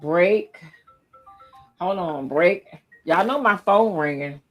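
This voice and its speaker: A woman hosting a casual livestream podcast, lively and emotional, teary-eyed as she talks. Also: lowish voice, slow pace, soft background music. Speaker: podcast host.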